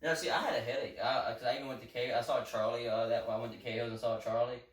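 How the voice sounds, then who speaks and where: A man's voice: mid-range voice, steady tone, fast. A man co-hosting a casual podcast, rambling through a story and questioning himself as he goes. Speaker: podcast co-host. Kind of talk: casual chat. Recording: echoey room, distant mic, faint noise.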